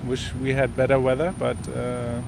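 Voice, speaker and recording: Visitor guy saying hi on a stream, lots of uhs, cars going by loud. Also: mid-range voice, completely flat delivery, moderate pace, vocal fry, background noise. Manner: hesitant, with many fillers. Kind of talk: casual greeting on a live stream. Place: outdoors by a road. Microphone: handheld mic.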